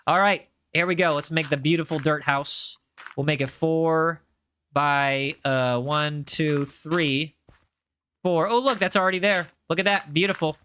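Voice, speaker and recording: Bright, animated male streamer. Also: on the high side, normal speed, clear, resonant tone. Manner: animated, repeats himself, bantering with chat. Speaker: live streamer. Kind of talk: casual live-stream chat.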